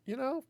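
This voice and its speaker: While playing, a gaming streamer in their forties chats casually, wandering off into asides and silly puns.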